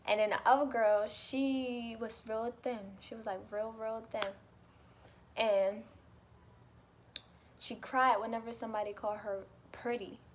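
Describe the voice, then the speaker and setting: A woman's voice: fairly high pitch, measured pace, long pauses, a little hiss or hum. Chatty young woman telling a story. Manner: animated and chatty, swears freely, laughs a lot. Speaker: vlogger. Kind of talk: casual storytime vlog.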